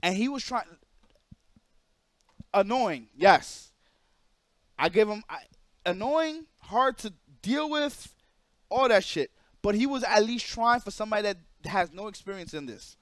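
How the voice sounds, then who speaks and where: A male streamer telling an animated story to his chat, emphatic and repetitive. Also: high voice, a little slow, long pauses, no room sound. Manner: emphatic, repeats phrases, drops into quoted voices of others.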